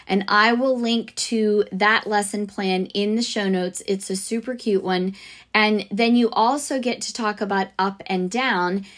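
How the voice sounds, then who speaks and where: A woman hosting a podcast for music teachers, talking casually and enthusiastically about lesson ideas, with plenty of fillers and restarts. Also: medium pitch. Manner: chatty, enthusiastic, chants rhythms and sings snippets.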